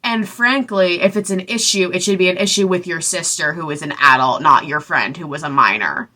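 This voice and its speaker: Casting: a young woman in her twenties, sarcastic book-recap vlogger with a bright, forward voice. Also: lowish voice, a little fast. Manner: sarcastic and exasperated, with frequent asides. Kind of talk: casual chat.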